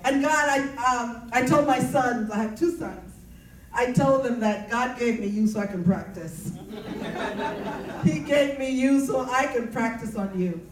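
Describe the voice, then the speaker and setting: A woman shares her faith testimony in an earnest, preaching rhythm, circling back on key phrases. Her voice sits fairly high. She sounds set back from the mic in an echoey room. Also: measured pace. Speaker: speaker sharing personal testimony. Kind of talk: faith-based testimony talk. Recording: roomy, distant mic.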